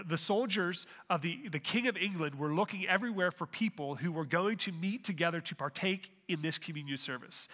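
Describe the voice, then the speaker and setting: A man's voice: a little high, sharp tone, in a large hall. A man preaching a sermon as pastor, earnest, with rhetorical questions and frequent restarts.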